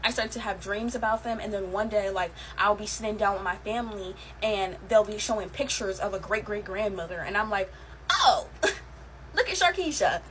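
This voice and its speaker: A woman's voice: medium pitch, steady tone, fairly quick, few pauses, slight background noise, poor audio. A young woman telling her own eerie stories in a casual, chatty way, with many fillers and laughs. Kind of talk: casual storytelling to camera.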